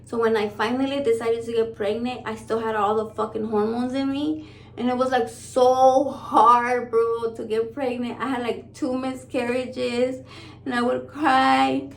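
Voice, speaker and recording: Woman vlogger, 30s, slightly high voice, blunt and profane storyteller. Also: level tone, unhurried, creaky. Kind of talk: casual storytelling to camera.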